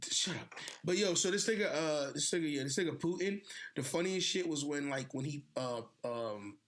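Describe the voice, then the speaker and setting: A man co-hosting a casual podcast chat, animated and profane, laughing often. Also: fairly high pitch, normal speed. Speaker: podcast co-host.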